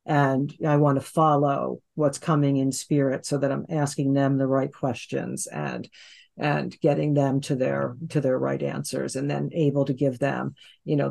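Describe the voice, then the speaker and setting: A woman's voice: rumbling low, level tone, moderate pace, creaky, mellow. A woman in her sixties, a hypnotherapist and interview guest, telling a long personal story in a rambling conversational way, with many restarts. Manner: rambling, with restarts and "you know".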